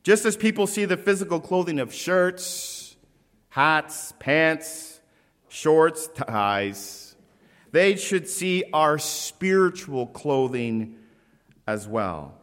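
A man preaching a sermon to his congregation, emphatic and deliberate, with friendly asides to the people in front of him. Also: on the high side, expressive, fairly bright tone. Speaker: pastor. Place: church sanctuary. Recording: long reverb of a church hall.

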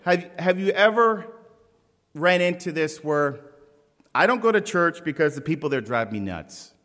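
A man preaching a sermon to his congregation, emphatic and deliberate, with friendly asides to the people in front of him. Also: a little high, lively intonation, fairly bright tone. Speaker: pastor. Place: church sanctuary. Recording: long reverb of a church hall.

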